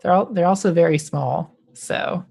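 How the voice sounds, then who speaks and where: A woman's voice: lowish voice, moderate pace, gravelly, mellow, slightly rough. A woman playing a tabletop game, curious and full of questions. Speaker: player.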